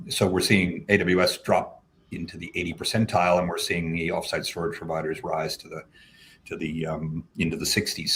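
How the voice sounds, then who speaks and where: A man's voice: low-pitched, fairly bright tone. A man with an American accent, a company founder and guest, talking casually on a video call in an upbeat, joking way. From Australia. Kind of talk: casual livestream chat. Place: home, at night.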